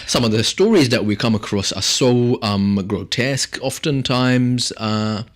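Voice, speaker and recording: A man's voice: mid-range voice, unhurried, a bit bright. A man hosting a radio talk show from a studio, chatting in a jokey, rambling way and laughing often. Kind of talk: casual radio chat.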